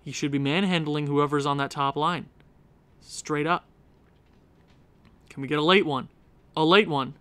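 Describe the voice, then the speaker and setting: A man's voice: fairly high pitch, steady tone, a little slow, pauses often, sharp tone, clean tone, dry recording. A young man hosting a hockey game let's-play, thinking aloud over lineup choices and talking at the players on screen with exasperated outbursts. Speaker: gaming channel host.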